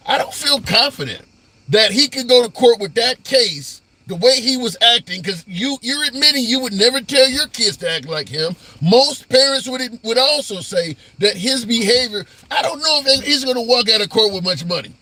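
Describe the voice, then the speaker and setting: A man with a high, bright voice hosts a live call-in talk stream and thinks out loud, often restarting his sentences. The sound is dry and close, recorded on a phone in his car. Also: slightly rough, dry recording. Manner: conversational, opinionated, thinks aloud with restarts. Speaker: talk show host.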